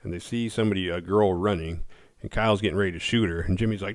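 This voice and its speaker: A man casually recapping a horror movie's plot, laid-back and profane, slipping into quick voices for the characters. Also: deep voice, steady tone, dry recording, studio quality.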